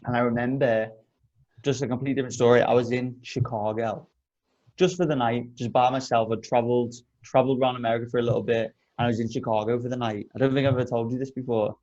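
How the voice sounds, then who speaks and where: A man's voice: mid-range voice, fast talker, highs cut off. A young man hosting a podcast, telling a story in casual chat with lots of swearing. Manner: animated storyteller, swears a lot. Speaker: podcast host.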